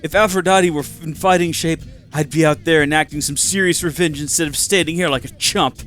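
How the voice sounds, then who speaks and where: A man's voice: a little high, steady tone, brisk, fairly bright tone, faint music behind, natural voice. A man voicing a hotheaded, vain young man who rants in exasperation. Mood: angry, ranting. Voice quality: ranting, exasperated.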